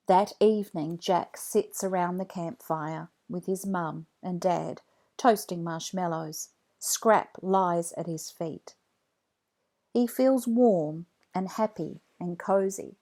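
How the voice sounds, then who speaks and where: Slow, gentle woman reading a storybook. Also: fairly low pitch. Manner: slow, clear, expressive storytelling. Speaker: storybook reader. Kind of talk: children's read-along narration.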